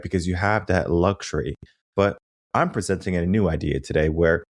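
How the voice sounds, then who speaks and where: Male podcast host, very deep voice, dry close sound, emphatic motivational delivery with rhetorical questions. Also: no room sound. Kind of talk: motivational conversation.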